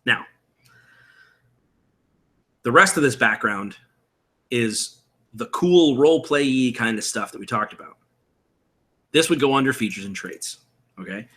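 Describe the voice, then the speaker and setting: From a room at home with window blinds, a streamer talks through building a game character. His medium-pitched voice is animated and a bit bright, unhurried, with frequent pauses. He rambles casually, thinking aloud and answering the live chat.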